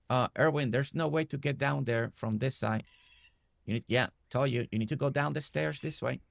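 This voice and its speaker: A man's voice: mid-range voice, normal speed, creaky, pauses often, no echo. A man streaming a building game, chatting casually and talking to the characters on screen. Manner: chatty, talks to game characters, repeats himself. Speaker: gaming streamer.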